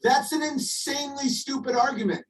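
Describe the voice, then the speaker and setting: A man's voice: very high-pitched, normal speed, far from the mic, slight background noise, poor audio. A tipsy young man ranting heatedly on a livestream, combative and profane, sounding exasperated. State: tipsy after a few drinks. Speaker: livestream host.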